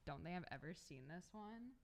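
Low lively gravelly teen girl. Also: moderate pace, slight background noise. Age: teens. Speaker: guest. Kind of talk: casual chat.

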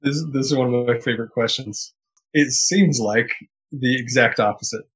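A man speaks as a podcast guest, answering questions with earnest, motivational emphasis. His voice sits in a middle pitch range and has a slightly husky, breathy grain. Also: normal speed, fairly bright tone, rough recording. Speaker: guest author and entrepreneur.

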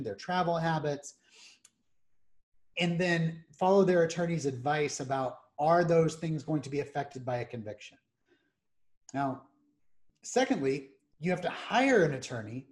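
A man hosting a podcast, explaining legal matters in measured, methodical lists. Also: on the high side, a little mellow. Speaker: criminal defense attorney host.

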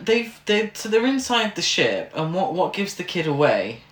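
A woman's voice: lowish voice, very animated, normal speed. A woman co-hosting a casual podcast chat, laughing often and swearing freely. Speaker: podcast co-host. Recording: echoey room with background noise.

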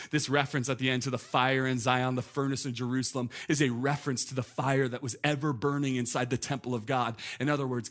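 A man in his thirties preaching a sermon, animated and conversational, with many "like" asides. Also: medium pitch, quick pace, hardly any pauses. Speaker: pastor.

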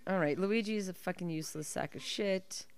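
A woman's voice: medium pitch, fairly quick, clear, resonant tone, dry recording. A woman co-hosting a podcast, chatting casually and sarcastically with a lot of swearing and laughter while she watches a film. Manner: profane, sarcastic, laughs often. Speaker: podcast co-host. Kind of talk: casual watch-along chat.

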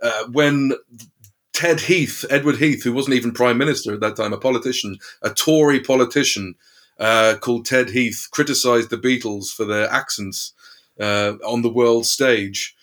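A man's voice: medium pitch, normal speed, a bit bright. Hesitant British man chatting. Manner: rambling, hesitant, many restarts. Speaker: podcast co-host and author. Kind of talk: casual conversation.

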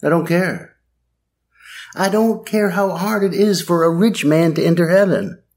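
A man preaching a sermon in a wry, sardonic way, with dramatic pauses. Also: high voice, a little mellow.

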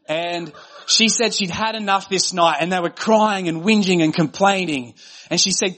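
A male pastor delivering a sermon in an earnest, conversational way, stacking up short repeated phrases as he builds each point. His speaking voice sits a little higher than most men's. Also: moderate pace, fairly bright tone.

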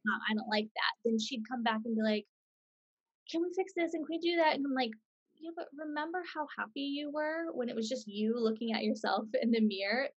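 A woman with a husky, slightly breathy voice hosting a casual conversation. She talks in a relaxed, chatty way, dropping "like" and "you know" often. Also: on the high side, fairly quick, lo-fi sound. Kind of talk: casual podcast chat.

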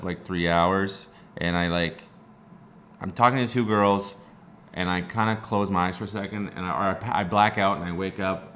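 A man's voice: low voice, fairly bright tone, a little hiss or hum. A man co-hosting a casual chat, telling a long rambling story from Canada and laughing through it with many restarts. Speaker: podcast co-host telling a story.

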